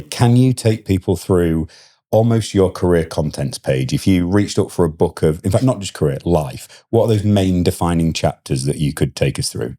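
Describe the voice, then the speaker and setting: Deep-voiced playful podcast host man. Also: lively intonation, moderate pace, warm tone. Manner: playful, self-deprecating, chatty. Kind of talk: podcast interview conversation.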